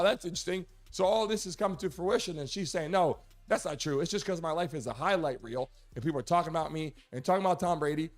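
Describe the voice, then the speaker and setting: A man hosting a sports and celebrity talk show, chatting casually and laughing often as he talks a producer through photos. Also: a little high.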